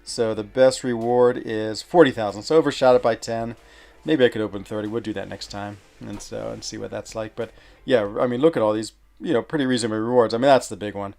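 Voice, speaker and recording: A man's voice: on the low side, brisk, vocal fry, darkish tone, faint music behind. A man streaming a mobile game, chatting casually and rambling, often stopping with fillers to search for words. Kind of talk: casual live-stream chat.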